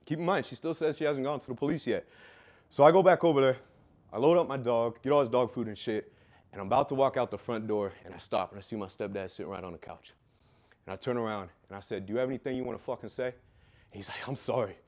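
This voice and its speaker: A man telling a raw personal story with heavy swearing, dropping low and quiet, then bursting out loud. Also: quick pace. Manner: profane, intense, swings from quiet to loud; loud, self-described. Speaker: fitness business coach telling his life story.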